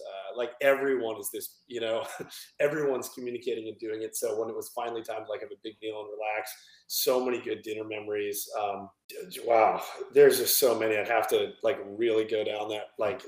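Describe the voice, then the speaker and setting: A man being interviewed as a film director, telling stories in a loose, animated way with lots of fillers and laughter. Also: on the low side, brisk, reverberant, low-quality recording. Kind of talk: casual storytelling interview.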